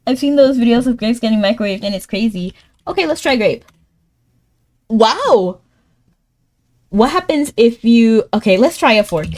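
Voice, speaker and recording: A woman streaming live in casual chat, thinking aloud as she plays a word game, laughing often and jumping up in pitch when excited. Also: moderate pace, pauses often.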